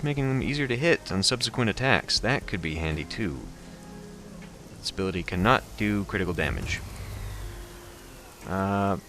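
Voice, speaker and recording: Deep-voiced man commenting on a game. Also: sharp tone. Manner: hesitant, thinking aloud with fillers. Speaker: let's play host. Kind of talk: game commentary and reading aloud.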